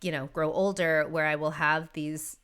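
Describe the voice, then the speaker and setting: Woman, 30s, bright voice, smooth and clear, chatty podcast guest, laughs a lot. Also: low voice, steady tone, normal speed. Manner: emotional, laughs often while talking; chatty with many fillers. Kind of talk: casual conversation.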